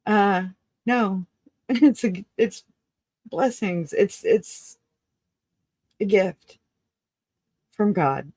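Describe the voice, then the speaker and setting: A woman giving an emotional personal account of a family loss, halting and restarting, earnest and raw, with casual swearing. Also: mid-range voice, lively intonation, darkish tone, dry recording, studio quality. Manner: halting, full of restarts and self-corrections. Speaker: grieving relative.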